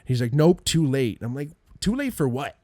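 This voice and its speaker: A man telling a story in casual chat, animated, acting out quotes, swearing and laughing often. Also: medium pitch, normal speed, dry recording. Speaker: podcast guest.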